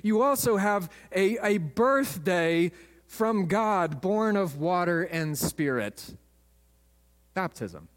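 A man's voice: high-pitched, animated, takes it slowly, big-room sound. A man, a pastor, preaching a sermon with emphatic storytelling in a church.

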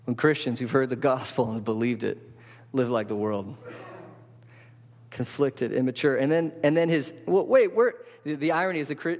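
Animated preaching man in a reverberant hall. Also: mid-range voice. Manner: animated preaching, asks the congregation questions. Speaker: pastor. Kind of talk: sermon. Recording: dull lo-fi sound with long hall reverb.

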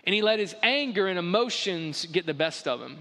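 A pastor preaching a sermon in an emphatic, conversational way, often saying "like", in a church. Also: male voice, high-pitched, lively intonation, brisk, creaky, pushed and bright. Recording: echoey hall.

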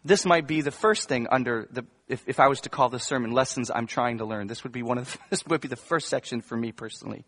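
A man's voice: mid-range voice, quick pace, hardly any pauses, fairly bright tone. A male pastor preaching a sermon to his congregation in a conversational way, with humorous asides and emphatic bursts. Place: church before a congregation.

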